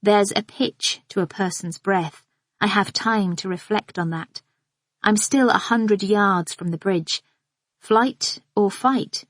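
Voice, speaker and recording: A woman reading a first-person thriller in a measured, observant, inward manner. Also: medium pitch, dry recording, clean studio sound. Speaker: audiobook narrator. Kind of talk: scripted first-person narration.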